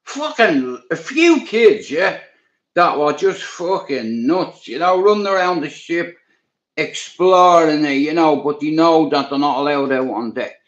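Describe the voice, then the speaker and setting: A man's voice: fairly high pitch, lively intonation, a little slow. Blunt Dublin man, muffled lo-fi line. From Dublin, Ireland. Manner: swears freely, rambling and blunt. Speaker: guest. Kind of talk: casual storytelling. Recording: dull lo-fi sound.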